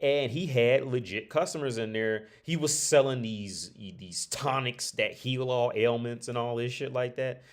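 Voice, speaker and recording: A man's voice: medium pitch, measured pace, few pauses. A man streaming a casual rant, blunt and profane, rambling with frequent restarts.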